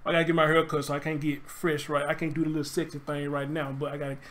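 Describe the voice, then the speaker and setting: A man from Memphis, USA, with a Southern accent and a fairly high, fairly bright voice hosts a casual live stream, speaking fast with little pitch movement. He reads an article aloud, reacts to it emphatically, and greets viewers.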